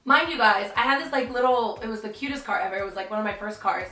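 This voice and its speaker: A woman's voice: mid-range voice, fast talker, bright, forceful tone. A young woman telling a dramatic story in a chatty vlog, full of "like". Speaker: vlogger. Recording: roomy, distant, faint music.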